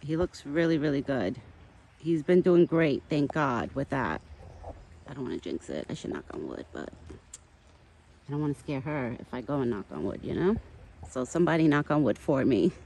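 Chatty woman vlogging outdoors, gravelly voice. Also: extremely low pitch, animated, moderate pace, dark tone. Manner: chatty, affectionate, many "like"s. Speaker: vlogger caring for a pet deer. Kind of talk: casual outdoor vlog chat. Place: outdoors in a backyard.

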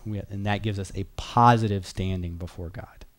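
A man's voice: fairly low pitch, moderate pace. A man teaching a Bible class in an earnest, conversational way, repeating key phrases and reading verses aloud.

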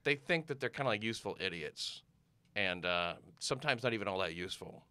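Bright-voiced rambling storyteller man. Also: fairly low pitch, animated, brisk, smooth, no room sound. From United States. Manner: rambling storyteller, trails off with fillers. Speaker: comedian guest. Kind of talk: casual chat.

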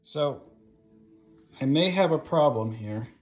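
A man's voice: on the high side, animated, slow, a little mellow. A man hosting a casual home cooking vlog from his kitchen, filming by hand and joking at his own expense as he goes. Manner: jokey, self-deprecating, chatty with asides. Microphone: handheld phone camera.

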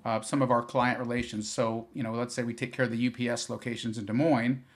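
A man's voice: medium pitch, quick pace. Guy from iowa chatting on a podcast, loose and rambly, lots of ums and restarts. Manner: relaxed, rambling with many fillers and restarts. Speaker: guest, business founder. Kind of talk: podcast interview.

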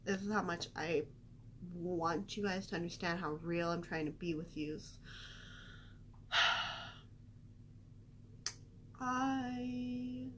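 A woman's voice: mid-range voice, a little hiss or hum. A young woman vlogger telling a personal story in casual chat, chatty and self-deprecating with lots of fillers.

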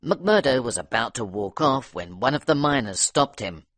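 Expressive male audiobook narrator. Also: medium pitch, normal speed, no echo.

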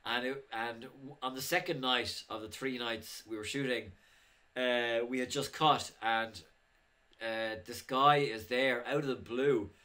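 Bright-voiced man telling rambling anecdotes. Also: medium pitch, fairly even intonation, unhurried. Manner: rambling anecdotes with frequent chuckles and fillers. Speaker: indie filmmaker. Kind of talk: casual vlog chat.

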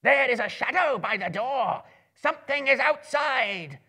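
A man voicing a pack of frantic male goblin guards, yelling in high, shrill voices. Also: animated, measured pace, heavily acted. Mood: alarmed yelling.

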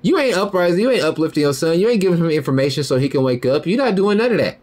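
A man hosting a podcast, delivering a heated, profane monologue that swings between loud high outbursts and low muttered lines. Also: animated, rapid-fire. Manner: heated, profane, repeats "you feel me" and "bro". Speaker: podcast host.

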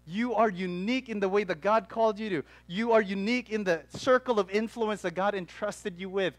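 A young man preaching from the pulpit, his voice sitting high for a man. He tells his story in an animated way, tossing in quick asides. The sound is dry and close. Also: no room sound. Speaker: pastor. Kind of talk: sermon. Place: church.

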